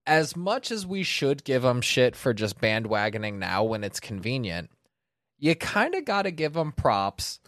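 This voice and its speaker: A young man talks in casual chat, joking and quick to chime in. His pitch moves around a lot, and the sound is dry and close to the mic. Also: very animated, a bit bright, no echo.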